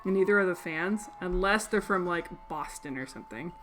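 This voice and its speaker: A young Canadian woman hosts a crafting livestream, chatting and rambling casually while she sews and laughing often. Her voice is on the low side, fairly quick and a bit bright, with faint music behind her.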